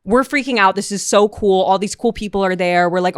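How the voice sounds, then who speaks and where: A young woman, a podcast guest, telling a story in a lively, animated way, with sound effects and quoted voices. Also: mid-range voice, fairly quick, smooth, no echo, clean studio sound. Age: young adult. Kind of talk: casual storytelling. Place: podcast studio.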